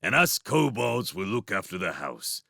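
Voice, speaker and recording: A man's voice: fairly low pitch, big pitch swings, normal speed, gravelly, bright, forceful tone, no echo, clean studio sound, heavily acted. Man voicing a small kobold house-spirit, piping, eager, storybook creature.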